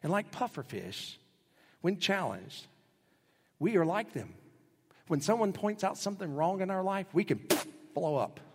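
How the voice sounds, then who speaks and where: A man's voice: a little slow, long pauses. Man preaching in a reverberant hall. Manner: animated storytelling, acts out quotes with big pitch jumps. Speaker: pastor. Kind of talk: sermon. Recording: husky voice with long hall reverb.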